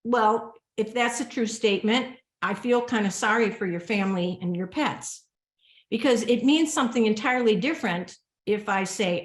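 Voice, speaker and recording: A woman's voice: medium pitch, moderate pace. Woman lawyer teaching grammar, roomy sound. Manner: conversational, reads example sentences aloud with spoken punctuation; repeats words and restarts often. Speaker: attorney presenting a webinar. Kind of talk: instructional webinar talk.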